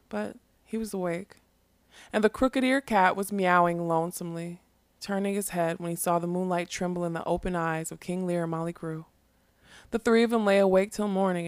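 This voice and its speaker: A woman reading a fantasy novel aloud, unhurried and lyrical. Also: lowish voice, creaky, dry recording. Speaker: reader.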